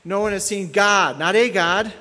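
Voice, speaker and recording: Male pastor, higher-pitched voice, emphatic teaching delivery, long hall reverb. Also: normal speed, sharp tone. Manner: emphatic, repeats key points for stress. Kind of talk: expository sermon.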